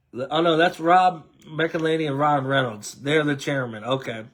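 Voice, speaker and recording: A man's voice: a little high, moderate pace, hardly any pauses, fairly bright tone. An American man hosting a casual sports chat, rambling and addressing his co-host with many fillers. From United States. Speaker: podcast host.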